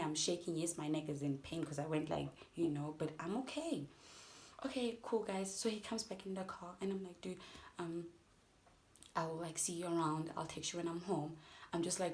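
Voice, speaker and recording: A young woman from South Africa telling a storytime vlog, animated and talking straight to her viewers. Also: medium pitch. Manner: animated, addresses viewers as guys. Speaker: vlogger.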